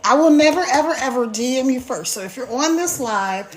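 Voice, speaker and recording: A woman's voice: high-pitched, lively intonation, brisk. A woman hosting a casual phone live stream, chatty and repetitive, greeting viewers by name. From United States. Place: mountains of Virginia.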